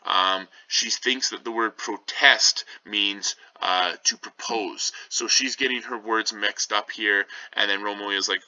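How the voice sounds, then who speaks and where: A male teacher giving a casual, plain-spoken summary of a play, with frequent pauses and rephrasing. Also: fairly low pitch, fairly even intonation, sharp tone, no room sound. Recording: dull lo-fi recording.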